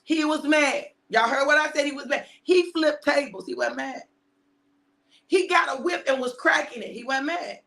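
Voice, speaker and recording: A middle-aged woman preaching an energetic sermon, animated and repetitive, laughing and shouting for emphasis. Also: high-pitched, normal speed, gravelly. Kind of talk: energetic sermon on a live stream.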